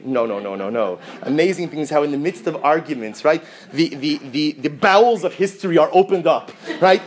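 Male rabbi, sermon-style class, animated, rhetorical questions, fairly high voice. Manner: animated, rhetorical questions, mixes in Hebrew terms.

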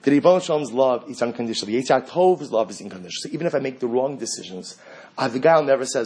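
A man's voice: mid-range voice, lively intonation, very fast, darkish tone, husky. A man teaching a religious class, earnest and fond of rhetorical questions.

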